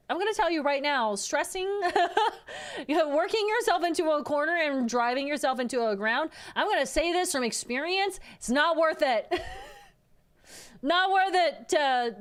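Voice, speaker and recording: High, lively woman streamer, laughing a lot. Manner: playful, laughs often, yelps at the game. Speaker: VTuber streamer. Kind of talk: live gameplay commentary with chat. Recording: background game music.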